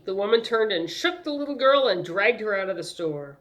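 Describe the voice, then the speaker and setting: Calm woman reading a story aloud. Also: medium pitch, normal speed, few pauses. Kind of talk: audiobook narration.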